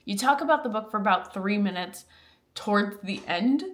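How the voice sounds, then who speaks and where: A young woman chatting straight to camera in an animated, gushing way, her talk full of "like". Her voice sits at a middle pitch, and the sound is close and dry. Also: moderate pace, no echo. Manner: gushing and animated, heavy use of "like". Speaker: book review creator. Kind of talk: casual chat to camera.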